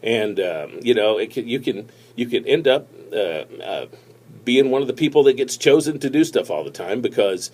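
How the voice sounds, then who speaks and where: A man giving casual tips on presenting, talking to a tablet camera in a relaxed, rambling way with many fillers and restarts. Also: mid-range voice, moderate pace. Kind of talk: casual instructional talk to camera. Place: seated, recording on a tablet. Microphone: tablet's built-in mic.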